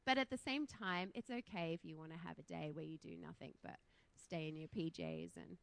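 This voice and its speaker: A woman's voice: fairly low pitch, lively intonation, fairly quick, creaky. A woman in her thirties from Australia with an Australian accent, preaching a casual, chatty sermon in a church, laughing often and poking fun at herself.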